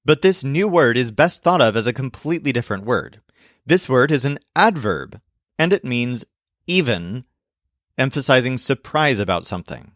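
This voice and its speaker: A man teaching a language lesson in a clear, explanatory manner, slowing down for each example phrase. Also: medium pitch, sing-song, a bit bright, no echo, studio quality. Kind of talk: scripted lesson narration.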